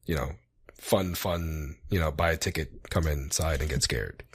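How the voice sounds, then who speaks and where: A man co-hosting a podcast, chatting in a relaxed, rambling way with lots of fillers. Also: very deep voice, moderate pace, husky, no room sound, studio quality. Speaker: podcast co-host. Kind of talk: casual chat.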